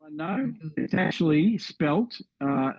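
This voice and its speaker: A man's voice: fairly high pitch, lively intonation, slow, a little mellow, breathy edge, no echo, highs cut off. A man with an Australian accent presenting a history talk as a story, friendly with wry asides.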